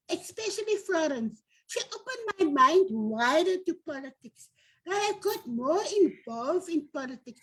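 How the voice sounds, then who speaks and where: On a low-quality recording, a very high-pitched older woman with a South African accent shares memories as an interview guest. She leads a domestic workers' union and tells her personal stories earnestly, reminiscing with animation.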